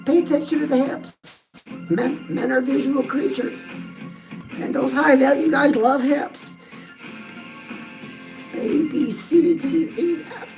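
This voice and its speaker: A high-pitched woman coaching her followers on dating, chatty and sassy, calling them "girls". Clear music plays under her voice throughout. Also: rough recording. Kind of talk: direct-address advice talk. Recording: music playing behind the voice.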